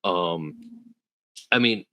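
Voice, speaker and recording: Podcast co-host, male, low voice with a bright, forceful edge, dry close mic, animated. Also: drawn-out words, no room sound. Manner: animated, jumps into high-pitched quoted voices. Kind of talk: casual chat.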